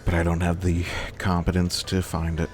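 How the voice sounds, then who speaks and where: A man's voice: sits low, completely flat delivery, moderate pace, darkish tone, a little hiss or hum. A man casually commenting on his gameplay with joking, self-mocking asides. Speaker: let's-player. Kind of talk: casual gameplay commentary reading dialogue aloud.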